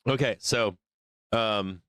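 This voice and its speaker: A man's voice: fairly low pitch, takes it slowly, fairly bright tone, smooth, no room sound. A man hosting a live stock market stream, talking casually and ranting with frustration, swearing freely and laughing often. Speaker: stock market show host.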